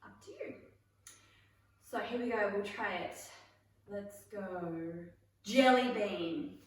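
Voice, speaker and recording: A woman drama teacher running an online class for children, playful and calling out cues with bursts of excitement. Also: mid-range voice, slow pace. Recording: echoey room, mic far off.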